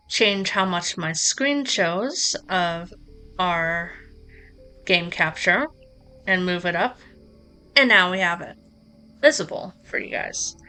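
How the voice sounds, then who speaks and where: A woman streamer explains her setup in an unhurried, casual live tutorial, chatting with asides to her viewers. Her voice is bright and crisp, recorded close on a streaming mic. She takes her time over every step. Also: medium pitch. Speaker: streamer teaching streaming software. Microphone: streaming microphone close up.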